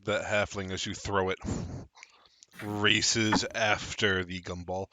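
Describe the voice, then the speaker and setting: A man narrating a tabletop game as game master, with animated, quick narration. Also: lowish voice.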